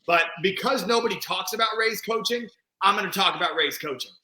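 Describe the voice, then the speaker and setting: Bright high-voiced man in an echoey room. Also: fairly quick. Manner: emphatic, asks rhetorical "right?". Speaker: podcast host. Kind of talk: casual chat.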